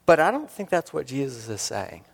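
A man's voice: mid-range voice, very animated, moderate pace, creaky. Male pastor, mid-range voice, earnest sermon delivery with rhetorical questions, long hall reverb. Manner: earnest, rhetorical questions, repeats key lines for emphasis.

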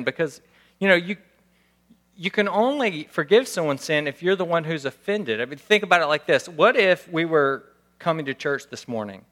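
A male pastor with a fairly high, sharp-toned voice delivers a conversational sermon. He acts out little scenes as he preaches, raising his voice to play them.

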